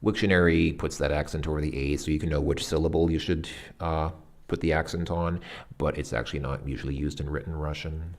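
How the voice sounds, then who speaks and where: Low creaky man thinking aloud. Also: fairly even intonation. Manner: hesitant, searching, self-correcting; sounds out foreign words haltingly. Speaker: language lesson host. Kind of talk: thinking aloud through a workbook exercise.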